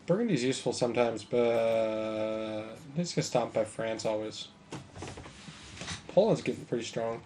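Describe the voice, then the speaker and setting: A man's voice: medium pitch, unhurried, mellow, a little hiss or hum. A man casually commenting on a strategy game as he plays, thinking aloud with mild sarcasm. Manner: musing aloud, mildly sarcastic. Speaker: gameplay commentator.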